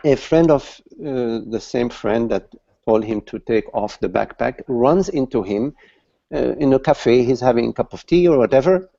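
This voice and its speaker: Casting: man, spiritual teacher, gravelly dark voice, slow and halting, lo-fi call audio. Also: medium pitch. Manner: slow, halting, repeats words while searching for them. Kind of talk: satsang talk.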